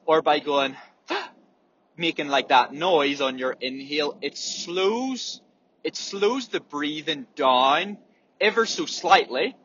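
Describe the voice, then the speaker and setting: A runner talks straight to camera in a casual, sweary monologue, now and then acting out gasps and wheezes. His voice sits a little high and sounds bright and forceful. The recording is slightly dull, with faint room ambience underneath. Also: takes it slowly, a little hiss or hum. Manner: candid, swears freely, demonstrates breathing sounds.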